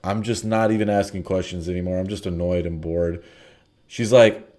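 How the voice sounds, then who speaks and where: A man's voice: deep voice, fairly even intonation, normal speed, a little mellow. A man telling a crude comedic story in a blunt, offhand way, with bored asides.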